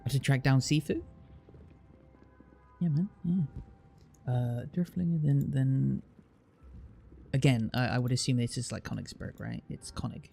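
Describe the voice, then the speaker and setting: A man's voice: mid-range voice, a little slow, gravelly, pauses often, dark tone, faint music behind. A man with a southern English accent from the Southwest, streaming and chatting casually, thinking aloud with plenty of fillers. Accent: southern English (Southwest England). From Southwest England. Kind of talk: casual chat with live chat.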